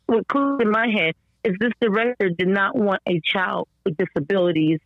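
A woman as a podcast guest telling a story about her son in a rambling, animated way, full of fillers and restarts, her voice slightly strained, as she acts out the people she quotes. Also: mid-range voice, normal speed, no echo. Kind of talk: conversational storytelling interview. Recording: dull lo-fi dry sound.

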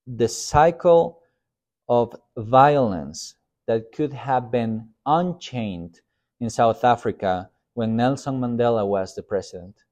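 A man's voice: mid-range voice, a little mellow. A man, a pastor, giving a casual Sunday school sermon in a conversational, self-deprecating way. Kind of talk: informal sermon.

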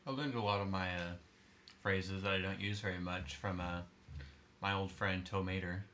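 A man's voice: deep voice, steady tone, moderate pace, pushed and bright, a little hiss or hum. A young man co-hosting a podcast, talking casually with a lot of "like" fillers. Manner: filler-heavy talk, lots of "like". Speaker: podcast co-host. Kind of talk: casual chat.

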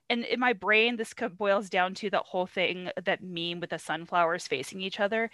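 A woman's voice: medium pitch, animated, moderate pace, a bit bright, no echo. A young woman co-hosting a podcast, retelling a play in casual, swearing slang and acting out the characters in bits. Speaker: podcast co-host.

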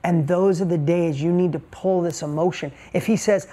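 A man's voice: high voice, steady tone, normal speed, warm tone. A middle-aged man giving a motivational talk, telling a story and repeating key points with emphasis. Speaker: motivational speaker.

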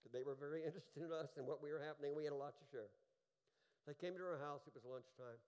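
An older man preaching a sermon with personal stories, earnest and emphatic, swinging from hushed moments to fervent peaks. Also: on the high side, quick pace, clean tone. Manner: earnest, emphatic, rising to fervent peaks then dropping soft. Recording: long hall reverb.

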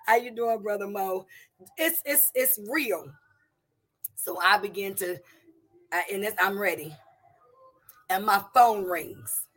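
A middle-aged woman giving a personal testimony to a congregation, in an emotional, halting way with many restarts and repeated words. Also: medium pitch, fairly bright tone. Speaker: church member giving testimony.

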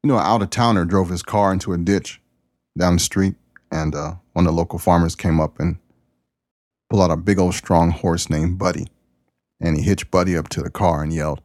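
A man's voice: sits low, a little fast, darkish tone, dry recording, clean studio sound. A man hosting his own podcast, giving a folksy, preachy monologue in plain, down-to-earth words. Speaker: podcast host. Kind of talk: casual spoken monologue.

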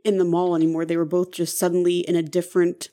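A woman's voice: on the low side, completely flat delivery, fast, mellow. A woman co-hosting a podcast, chatting casually and mostly answering with short agreements. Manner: brief agreeing replies. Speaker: podcast co-host. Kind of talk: casual chat.

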